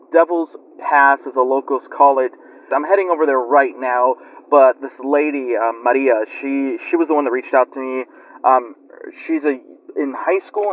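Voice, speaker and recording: A man's voice: mid-range voice, a little hiss or hum. A man telling a spooky story in a rambling, chatty way with lots of fillers. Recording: lo-fi muffled recording.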